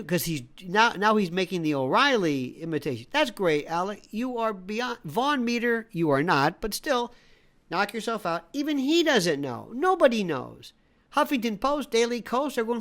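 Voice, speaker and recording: A man's voice: sits high, very animated, normal speed, fairly bright tone. A man delivering a sarcastic, theatrical political commentary rant, rattling off long lists of names.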